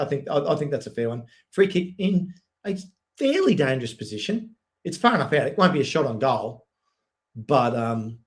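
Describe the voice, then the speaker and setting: A man giving live, excitable play-by-play on a fan watch-along stream, chatting with viewers between plays. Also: medium pitch. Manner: excitable, quick play-by-play with frequent "yep"s. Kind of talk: live match commentary and chat with viewers.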